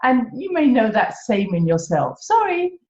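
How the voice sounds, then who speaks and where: A British woman hosting a reflective solo podcast, gentle and self-mocking, laughing often at herself. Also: medium pitch, very animated, moderate pace. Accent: British English. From Britain. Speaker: podcast host. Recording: echoey room, dull lo-fi sound.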